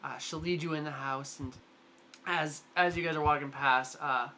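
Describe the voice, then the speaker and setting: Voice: mid-range voice, fairly even intonation, moderate pace, sharp tone, slight background noise. A game master narrating a tabletop role-playing game in a rambling way, full of fillers and restarts. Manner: rambling, lots of likes and restarts.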